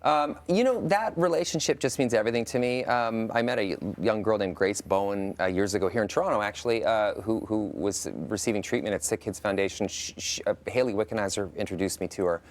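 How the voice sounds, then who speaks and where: A man with a voice on the low side is a guest in a TV studio interview. He speaks reflectively and haltingly, restarting often.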